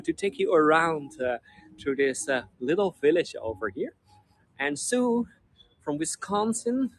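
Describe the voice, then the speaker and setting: A Dutch man with a Dutch accent guiding a live-streamed walking tour outdoors, talking in a chatty, friendly way with many restarts. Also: a little high. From Netherlands. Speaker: tour guide. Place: street outdoors in a cold town.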